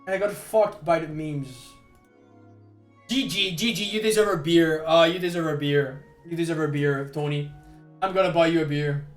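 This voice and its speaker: High-voiced Québécois French streamer. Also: male voice, normal speed. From Quebec. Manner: excitable, stammering, laughs often. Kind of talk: casual live-stream chat. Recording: echoey room with faint music.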